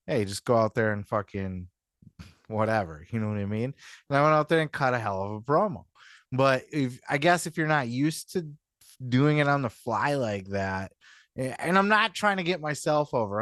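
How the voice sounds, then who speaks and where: A podcast host with a mid-range, fairly bright voice rambles through casual commentary, sprinkling in "you know what I mean" and some swearing. He acts out quotes in mock voices, and the studio-quality audio has no echo.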